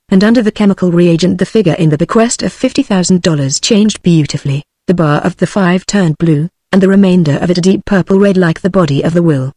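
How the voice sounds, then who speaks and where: A text-to-speech voice narrating an old detective story audiobook in an even, mechanical reading. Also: mid-range voice, no echo, studio quality.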